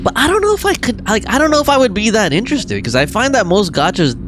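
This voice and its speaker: A man's voice: sits high, very animated, fast talker. A man streaming a game, chatting casually and thinking aloud as he plays. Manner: rambling, thinking aloud with laughs. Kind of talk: casual gameplay chat. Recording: faint game music behind.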